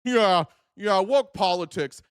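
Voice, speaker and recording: A man's voice: high voice, slow pace, clean tone, no room sound, clean studio sound. A man hosting a podcast, ranting angrily at clips he is reacting to, swearing and insulting often. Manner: angry, profane, insulting. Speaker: podcast host. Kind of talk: profane political rant reacting to clips.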